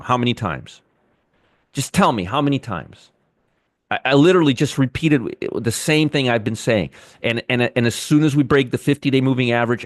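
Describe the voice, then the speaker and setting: A man's voice: mid-range voice, dry recording, clean studio sound. Sarcastic man hosting a live market show. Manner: sarcastic, repeats points, talks to chat viewers by name. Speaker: trading show host. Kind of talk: casual live market commentary.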